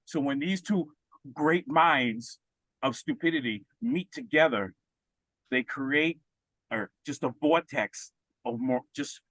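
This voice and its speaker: A man co-hosts a casual podcast and rants about what he dislikes, stumbling over his words as he goes. His voice sits at a middle pitch. It is recorded close and dry. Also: a bit bright, dry recording, low-quality recording. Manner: opinionated, ranting, with frequent restarts. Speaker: podcast co-host. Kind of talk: casual chat.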